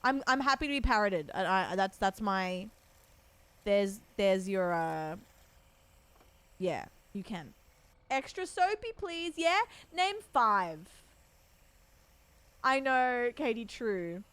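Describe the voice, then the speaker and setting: A woman from Australia with a soft Australian accent, chatting casually with her viewers while streaming a game. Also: mid-range voice, expressive, slow pace, pauses often, clear, resonant tone. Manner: chatty storyteller, talks to her chat by name. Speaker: livestreamer.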